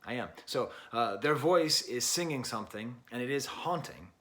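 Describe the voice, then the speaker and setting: A man's voice: mid-range voice, lively intonation, normal speed, sharp tone. A middle-aged man giving a casual spoken record review in a chatty, wry way, rambling and correcting himself with lots of fillers. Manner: rambling and self-correcting, with many fillers and restarts; chatty and wry, with little laughs. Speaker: music reviewer.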